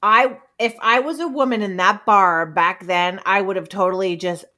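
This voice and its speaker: A woman's voice: mid-range voice, normal speed, bright, forceful tone. A woman talking casually on a comedy podcast about an old film, candid and amused. She swears freely and laughs along, with an ordinary mid-range voice. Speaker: podcast co-host. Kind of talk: casual comedic movie review chat.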